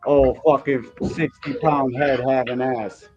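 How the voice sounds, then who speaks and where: A man's voice: mid-range voice, steady tone, unhurried, darkish tone, lo-fi sound, faint music behind. A man in the middle of his range rants heatedly into the mic as a boxing podcast host. His talk is casual and loaded with swearing, and it shifts between jokes and angry complaints. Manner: profane, heated ranting. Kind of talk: casual live-stream commentary.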